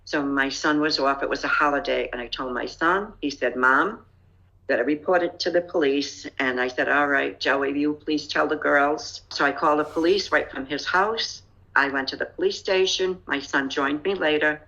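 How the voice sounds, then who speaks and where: A woman's voice: low-pitched, moderate pace, creaky, sharp tone. An older woman earnestly recounting a painful experience in an interview, rueful and matter-of-fact. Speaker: scam victim telling her story. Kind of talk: TV interview storytelling. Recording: dull lo-fi clip audio.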